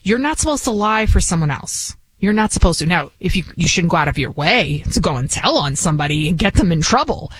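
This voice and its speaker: Guest-hosting talk radio, a woman gives a conversational monologue that's chatty, rambling and emphatic, in a Bronx, New York accent; English was not her first language. Her husky, lowish voice swings widely in pitch and moves a little fast with hardly any pauses, on a dry, low-quality recording.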